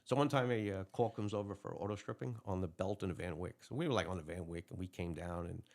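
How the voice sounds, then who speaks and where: A man, a retired police lieutenant telling lively, laughing anecdotes in a casual interview. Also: deep voice, quick pace. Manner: animated, laughing anecdotes, acts out voices in his stories.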